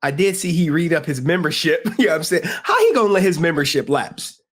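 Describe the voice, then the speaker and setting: Man, livestream host, casual slangy chat, slightly high voice. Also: animated, brisk, few pauses. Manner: loose, joking, talks straight to chat with slang.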